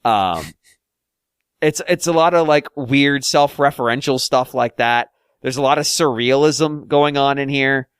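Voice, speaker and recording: In clean studio sound without echo, a man co-hosting a podcast talks about a game in an unhurried, mid-range voice that is a bit bright, clear, and resonant. His chat is casual and rambling, full of fillers and restarts.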